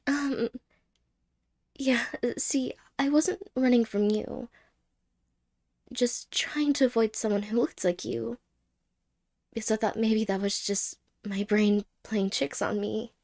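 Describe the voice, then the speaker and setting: Whispered role-play: a woman plays a wistful, apologetic ex-girlfriend with a fairly high, gravelly voice, halting and soft. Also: steady tone. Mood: tender. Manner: halting, hesitant, soft-spoken with whispered words.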